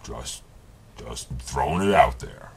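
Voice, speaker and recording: A man voicing a stern, heroic male robot leader who talks in a gruff, blunt way. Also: rumbling low, expressive, takes it slowly, a little hiss or hum, heavily acted. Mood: gossipy.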